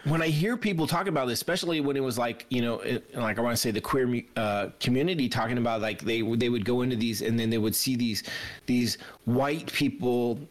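A man's voice: mid-range voice, fast talker, hardly any pauses. A man in casual podcast chat, talking in a profane, heated, rambling way. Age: adult, grew up in a scene with youth fights.

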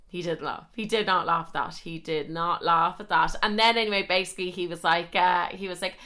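A woman's voice: fairly low pitch, fairly quick, hardly any pauses, sharp tone. A young woman podcast host telling a story in a chatty, self-mocking way and swearing a lot. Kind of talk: casual storytelling monologue.

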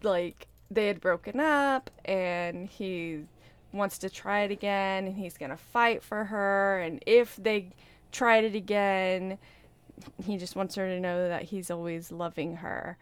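Podcast co-host, female, smooth clear voice, relaxed and agreeable. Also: mid-range voice. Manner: relaxed, agreeable, quick back-channel replies. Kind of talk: casual chat.

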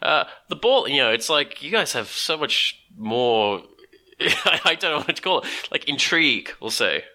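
A man from Melbourne with an Australian accent, chatting casually in a playful, teasing way with quick jokes. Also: medium pitch, sing-song, sharp tone. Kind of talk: casual chat.

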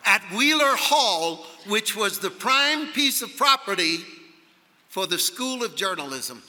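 A man preaching a sermon at a conference, telling a story emphatically and rising to shouts. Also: sits high, sing-song, takes it slowly. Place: large conference hall. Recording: long hall reverb.

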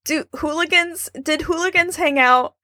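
A woman's voice: very high voice, normal speed, pushed and bright, no room sound, clean studio sound. A woman from New York co-hosting a casual movie-review chat, goofy and sarcastic, laughing often. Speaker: podcast co-host.

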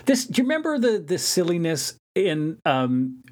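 Sarcastic male podcast co-host, animated delivery, a touch high-pitched. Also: moderate pace. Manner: sarcastic, animated, mocking impressions. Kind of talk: casual movie recap chat.

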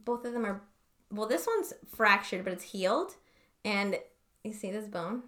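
A woman's voice: mid-range voice, lively intonation, normal speed, bright, forceful tone. A young woman co-hosting a podcast in casual chat, rambling and swearing, often stopping to hunt for words. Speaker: podcast co-host.

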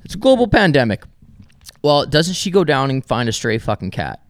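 A young adult man from Alberta, Canada, appears as a podcast guest, ranting through a profane story in casual conversation. His medium-pitched voice is sing-song, moving at normal speed with no echo.

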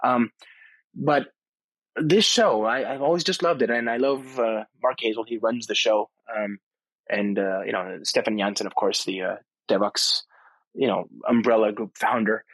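Talking casually at a tech conference abroad, a man hosting a podcast goes on enthusiastically, stumbling through restarts and fillers. He speaks at normal speed in a lowish, slightly bright voice, with no echo.

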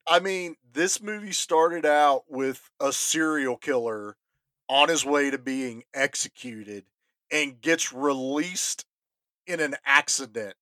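A man's voice: mid-range voice, slow, pushed and bright, no room sound. Enthusiastic podcast co-host man. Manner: enthusiastic, restarts often. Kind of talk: casual movie review chat.

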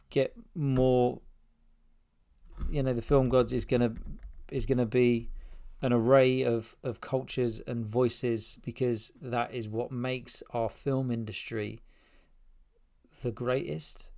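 A middle-aged man from Spain and England hosts his podcast from a spare room, speaking without a script in a heartfelt, rambling way full of restarts. His mid-range voice is warm and flat, with vocal fry, and he takes his time.

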